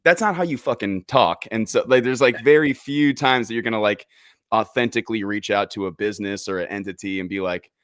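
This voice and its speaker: Joking male podcast host, low voice. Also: fairly quick, fairly bright tone, no echo, clean studio sound. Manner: joking, laughs often, swears. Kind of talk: casual podcast conversation.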